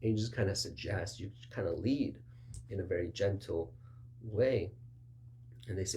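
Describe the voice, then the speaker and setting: A man's voice: expressive, normal speed, dark tone. A man preaching in a conversational sermon style, acting out little back-and-forth dialogues in a raised voice. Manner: conversational, acts out both sides of dialogues with raised pitch. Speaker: pastor.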